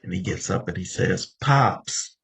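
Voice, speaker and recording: A man's voice: sits low, fairly even intonation, a little slow, gravelly. A man in his seventies from Los Angeles, telling his story as the speaker at a recovery meeting and talking straight to the room. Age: 70s. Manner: conversational storytelling, often addressing the room directly. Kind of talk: personal recovery share.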